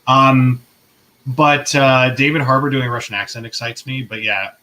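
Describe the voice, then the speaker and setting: A man's voice: mid-range voice, flat delivery, moderate pace, bright, forceful tone, rough recording. A man co-hosting a casual chat over a video call, speaking in a wry, self-deprecating way. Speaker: co-host.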